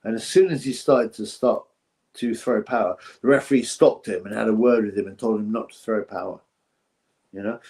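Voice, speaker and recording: A man hosting a casual boxing livestream, rambling and thinking aloud, thanking viewers for donations. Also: mid-range voice.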